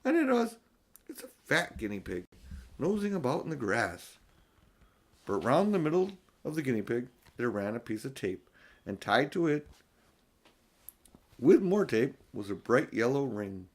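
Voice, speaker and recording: An older man reads a children's book aloud in a gentle, grandfatherly way. His pitch moves lively through the sentences. His delivery stays expressive and unhurried. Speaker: audiobook narrator. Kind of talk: storybook narration.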